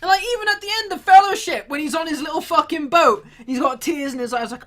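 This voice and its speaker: A woman's voice: sits high, quick pace. A woman delivering a sweary, exasperated comedic rant.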